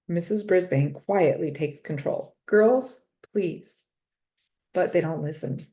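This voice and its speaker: A woman reading a children's storybook aloud, expressive and drawing out words for effect. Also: on the low side. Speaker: storybook reader.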